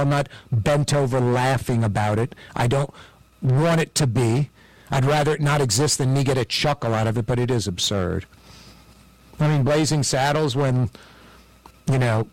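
A man's voice: mid-range voice, dry recording, poor audio. A man hosting a casual chat, rambling and musing as he talks, aware of how his words come across.

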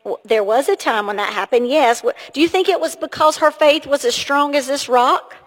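A woman's voice: sits high, normal speed. Woman leading a children's church talk. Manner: asks children questions, animated and encouraging. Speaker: children's sermon leader. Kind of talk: children's sermon. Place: church sanctuary. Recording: long hall reverb.

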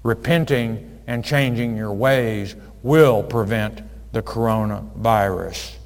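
A man preaching a sermon, reading scripture in old-fashioned wording with emphasis and building to loud warnings. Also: lowish voice. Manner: slow and deliberate, swells louder on scripture and warnings. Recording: long hall reverb.

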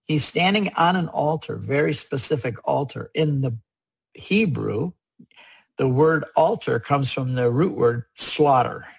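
Husky-voiced man explaining earnestly. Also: medium pitch, expressive, measured pace, low-quality recording. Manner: earnest, emphatic, repeats key points. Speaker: guest speaker on religious art. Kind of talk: conversational explanation.

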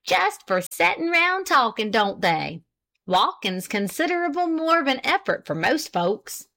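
A woman's voice: high voice, big pitch swings, unhurried, sharp tone, pitched above the performer's own voice, heavily acted. A woman voicing a thin, shrewish country wife who scolds her husband in a rustic dialect. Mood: tart.

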